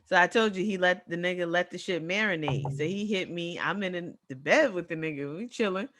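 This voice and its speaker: A woman's voice: lowish voice, fairly bright tone, slight background noise. A woman co-hosting a casual podcast chat, chiming in with blunt reactions and her own stories. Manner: quick hype reactions and blunt commentary. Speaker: podcast co-host.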